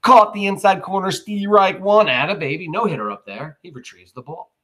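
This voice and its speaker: A man voicing an excitable fourteen-year-old boy who calls his own imaginary ball game out loud. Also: high voice, fairly quick, pitched above the performer's own voice. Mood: excited. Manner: loud play-by-play announcing.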